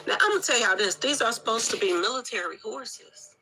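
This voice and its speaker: A woman's voice: on the high side, animated, fairly quick, bright, forceful tone, low-quality recording. A woman giving casual, informal commentary straight to her viewers.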